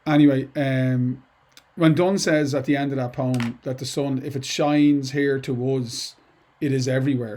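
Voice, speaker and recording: In a steady, dark, medium-pitched voice at a moderate pace, a middle-aged man leads students through poetry. As their English teacher, he keeps it informal and digressive, full of asides and restarts.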